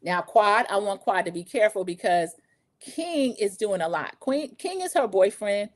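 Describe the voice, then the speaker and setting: A woman in her forties hosts a casual livestream show recap, talking straight to her viewers in a gossipy, animated way. Her voice is medium-pitched and her pace moderate.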